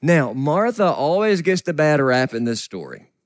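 A middle-aged man preaching a sermon as a pastor, earnest, often sinking to a soft whisper. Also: a little high, sing-song, normal speed, no room sound, studio quality. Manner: earnest, drops to soft whispers for quoted grief.

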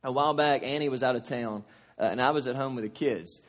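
A man's voice: medium pitch, fast talker. A man preaching a sermon as pastor, earnest and building to impassioned cries. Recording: long reverb of a large hall.

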